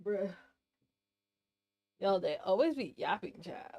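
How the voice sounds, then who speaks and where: A woman's voice: mid-range voice, expressive, unhurried, highs cut off. A woman live-streaming, chatting casually and playfully with her chat in a slangy, teasing way, sounding sleepy. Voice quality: sings snatches of songs between chatter.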